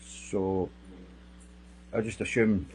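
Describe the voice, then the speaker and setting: A middle-aged man, a security guard giving sworn testimony, recounting events in a halting way, often repeating and restarting his phrases. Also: lowish voice, steady tone, darkish tone, slight background noise, poor audio.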